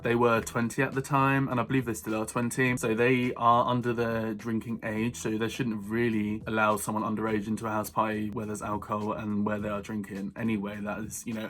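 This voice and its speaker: A man's voice: lowish voice, fairly bright tone. A man hosting a commentary video, recapping events casually with filler words. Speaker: commentary channel host. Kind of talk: drama commentary.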